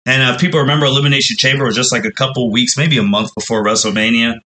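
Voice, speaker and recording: A man with a forceful, bright voice at an ordinary middle pitch hosts a wrestling podcast. He talks in a loose storytelling way. He keeps slipping into quoted reactions from the fans. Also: steady tone, racing, rough recording. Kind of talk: casual podcast recap.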